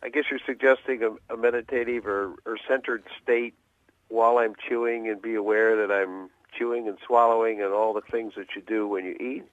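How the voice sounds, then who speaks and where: A man's voice: fairly low pitch, steady tone, a little fast, no echo. A middle-aged man calling a radio advice show, speaking hesitantly and thoughtfully. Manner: hesitant, thoughtful, many fillers and restarts. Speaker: caller. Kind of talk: phone call to a radio show. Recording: tinny dry phone line.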